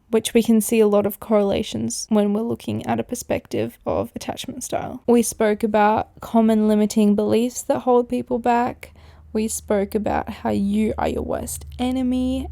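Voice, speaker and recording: Gravelly-voiced excitable woman podcaster. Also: fairly high pitch, no echo, studio quality. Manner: excitable, chatty, laughs often. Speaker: podcast host. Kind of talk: casual solo podcast talk.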